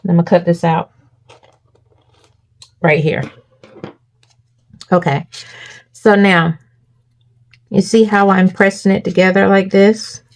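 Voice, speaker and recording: A woman's voice: medium pitch, fairly even intonation, slow pace, long pauses. A woman hosting a crafting tutorial, walking viewers through each step and checking in with them often.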